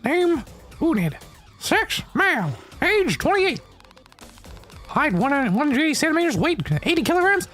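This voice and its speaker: A man doing a high, calm female lab assistant. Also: measured pace, faint music behind, full character voice. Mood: clinical. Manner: crisp, clinical report reading.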